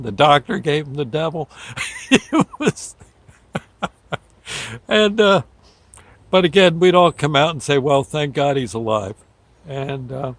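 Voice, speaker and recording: A man's voice: a little high, a bit bright, dry recording. Folksy rambling man telling a story. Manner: folksy, rambling, laughs often, acts out quotes. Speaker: storyteller host. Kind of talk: casual storytelling.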